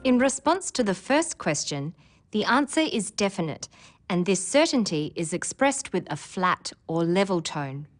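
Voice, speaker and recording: A woman teaching English in scripted narration, her pitch moving up and down a lot as she explains each point clearly. Soft music plays faintly behind her. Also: sing-song, a little slow.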